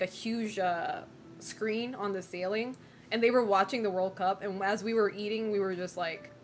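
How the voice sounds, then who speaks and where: Her voice sits on the high side with a fairly bright tone as this woman streamer chats casually, rambling along and swearing freely. She greets her viewers and laughs a lot.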